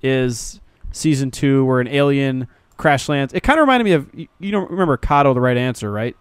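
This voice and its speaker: A man's voice: medium pitch, lively intonation, fairly quick, smooth, dry recording. A man co-hosting an anime podcast, chatting casually, rambling and joking with frequent laughs. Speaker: podcast co-host. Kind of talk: casual review chat.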